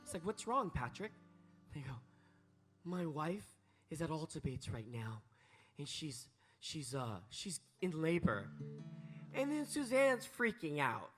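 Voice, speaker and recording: A man tells a story from a stage, his pitch swinging widely as he acts out each person's quoted lines. He is animated and quick to jump into other voices, with faint music somewhere in the background. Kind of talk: live onstage storytelling.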